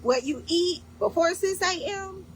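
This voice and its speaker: A woman leading a faith-based fasting program in casual instructional talk, emphatic and repeating key points with "okay?". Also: extremely high pitch, a little hiss or hum, rough recording.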